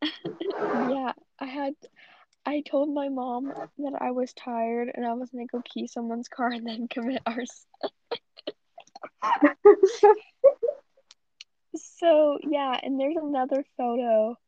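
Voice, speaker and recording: This vlogger, a young woman, vents in a casual rant that is profane, blunt, and full of rambling tangents. Her high-pitched voice is mellow with fairly even intonation at normal speed, and the dull lo-fi sound is dry, lacking any room sound.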